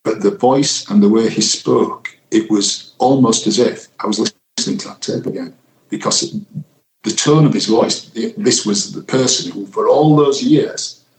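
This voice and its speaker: An older man, a retired detective, recounts a past investigation in an interview, reflective and halting with fillers. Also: medium pitch, a little mellow. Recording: roomy echo.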